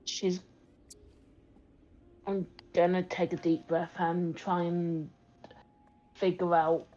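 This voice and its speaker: A woman playing a tabletop game, speaking in a hesitant, halting way. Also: on the low side, level tone, warm tone, lo-fi sound. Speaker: player.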